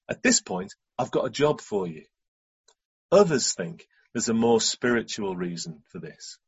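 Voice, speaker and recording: A man's voice: medium pitch, husky, highs cut off. A man preaching a sermon in a reflective way, often asking rhetorical questions.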